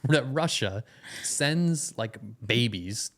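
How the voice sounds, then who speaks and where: A man's voice: medium pitch, extremely slow. Guy on a podcast, chatty, laughs a lot while telling a story. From United States. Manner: animated storytelling, laughing often, quoting people. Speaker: podcast co-host. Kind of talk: casual chat.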